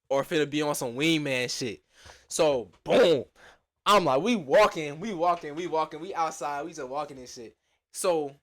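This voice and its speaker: Animated young man telling a storytime. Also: a little high, no echo. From Atlanta. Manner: animated slangy storytelling with lots of acted-out quotes. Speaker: storyteller vlogger. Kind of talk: casual storytime.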